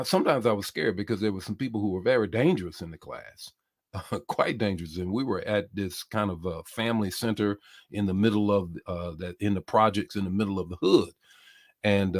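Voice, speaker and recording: A bishop preaching a sermon with passion, repeating his key phrases and reading out comments from listeners. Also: medium pitch. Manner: impassioned, repeats phrases, reads comments aloud.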